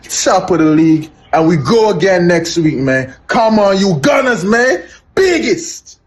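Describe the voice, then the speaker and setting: Hyped high-voiced male fan. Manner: hyped, chanting, repeats phrases. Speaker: fan sending a video message. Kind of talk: excited fan celebration message.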